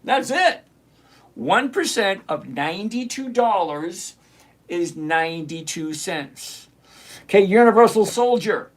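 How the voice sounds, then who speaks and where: A man hosting a live trading stream, chatting with viewers by name and teasing them as he walks through option math. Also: high-pitched. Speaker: livestream trading show host. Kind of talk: live-stream chat answering viewer comments.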